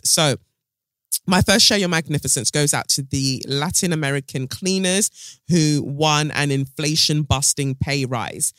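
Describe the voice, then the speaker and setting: Give me a casual man hosting a podcast, a bit high-pitched, recorded dry and close. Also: fairly bright tone, dry recording. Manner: chatty, with many ums and self-corrections. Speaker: podcast host. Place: lying down, at home. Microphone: microphone set close while lying down.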